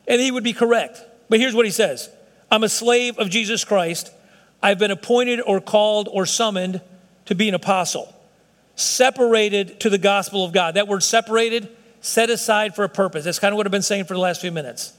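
A high-voiced pastor preaches a sermon in a church sanctuary at a moderate pace, his slightly bright voice carried by a hall's long reverb. His delivery is emphatic and conversational, with acted-out quotes.

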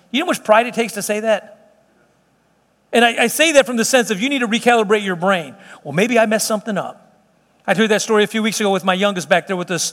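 A man with a notably high voice preaches a sermon, earnest and emphatic, with homely asides to the folks in the pews. His words ring out with a long reverberant tail, as though spoken in a large church sanctuary. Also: a bit bright. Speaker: pastor. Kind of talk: sermon and closing prayer.

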